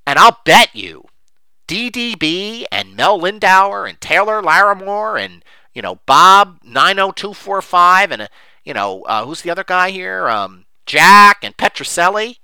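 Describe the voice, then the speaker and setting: Middle-aged man, fairly high and very bright voice, emphatic rambling commentator, dry close mic. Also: measured pace, clean tone, no room sound. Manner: animated, emphatic, rambling with many fillers. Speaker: investing commentator. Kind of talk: unscripted monologue.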